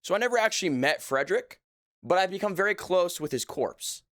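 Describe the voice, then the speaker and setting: A man's voice: high voice, expressive, brisk, a bit bright, no room sound, clean studio sound. A young man hosting a casual livestream, joking and playfully mock-serious, talking from a few feet back from his desk mic at his home setup. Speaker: livestream host.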